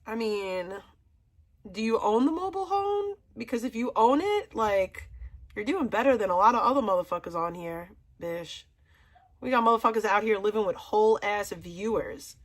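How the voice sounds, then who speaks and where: A woman's voice: medium pitch, animated, normal speed. A woman streamer mocking a caller in casual livestream chat, laughing and using sassy slang.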